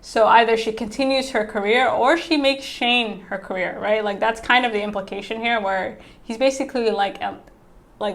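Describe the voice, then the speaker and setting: A woman's voice: on the high side, moderate pace, fairly bright tone. A woman giving a casual TV episode recap, chatty, peppering her talk with "like" and "right?", acting out characters' lines in her own voice. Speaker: TV reviewer.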